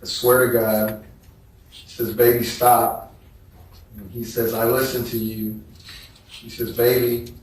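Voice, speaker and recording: A man on the witness stand reads messages aloud slowly, his delivery flat and unhurried. He sounds far from the microphone, with heavy courtroom echo around him. A faint hiss sits under the recording. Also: medium pitch. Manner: slow, flat, measured reading. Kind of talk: courtroom testimony, reading text messages aloud. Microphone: distant courtroom microphone. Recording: echoey courtroom audio from far off with faint noise.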